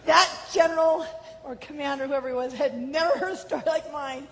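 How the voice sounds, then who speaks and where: A woman giving an animated personal testimony, acting out quoted voices, swinging from lively to low and subdued. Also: quick pace. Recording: hall reverb with faint background noise.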